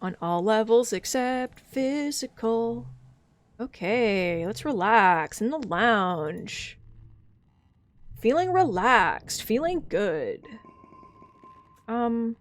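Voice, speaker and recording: A woman's voice: fairly high pitch, animated, extremely slow, long pauses. A woman streaming a video game, chatting casually, swearing often and reading the game's text aloud. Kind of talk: casual live-stream chat while playing.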